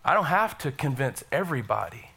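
A middle-aged man preaching a sermon in a church, energetic and calling out to the congregation. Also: mid-range voice, brisk, gravelly, slightly rough. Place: church sanctuary.

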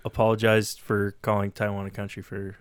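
A man co-hosting a podcast, talking in a rambling, sarcastic way with many pauses and fillers. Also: fairly low pitch, monotone, smooth, dry recording. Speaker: podcast co-host. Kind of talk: casual podcast chat.

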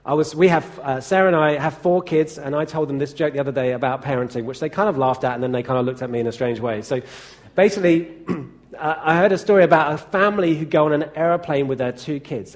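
A man preaching a sermon in a conversational way, often asking the congregation questions and telling anecdotes. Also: fairly high pitch. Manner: chatty, asks the congregation questions.

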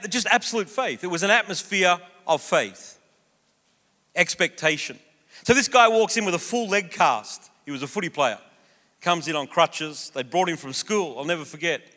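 A man preaching a sermon, telling a story and acting out the voices in it. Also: on the high side. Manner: animated, acts out quoted voices. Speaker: pastor. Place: church auditorium. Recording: long reverb of a church hall.

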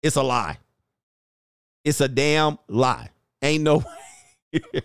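A man hosting a casual dating-talk livestream, joking and mocking as he reads out viewer comments, using slang and drawn-out emphasis. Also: medium pitch, creaky, clear, resonant tone, no room sound, clean studio sound. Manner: joking and mocking, slips into playful impressions and laughs often. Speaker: dating coach and show host.

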